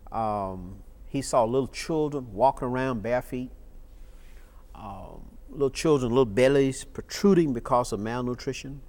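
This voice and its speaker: A man's voice: mid-range voice, unhurried, darkish tone. A man, recounting events in an oral history interview, emphatic and fond of repeating key phrases. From Georgia, USA. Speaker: interviewee, state legislator.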